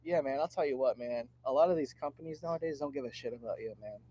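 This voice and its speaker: A man's voice: medium pitch, fast talker, warm tone. A man co-hosting a podcast, ranting bluntly and casually with plenty of swearing. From Michigan. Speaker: podcast co-host.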